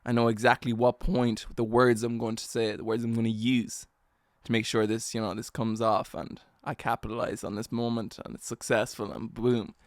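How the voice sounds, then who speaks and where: A man's voice: mid-range voice, little pitch movement, normal speed, no echo, clean studio sound. A young man hosting a solo podcast, telling a story in a rambling, self-mocking way with lots of slang and fillers. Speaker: podcast host.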